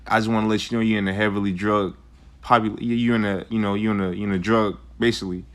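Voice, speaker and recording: A man's voice: lowish voice, little pitch movement, fast. A young man telling a rambling, profane personal story in a casual way, with lots of fillers. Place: Arizona.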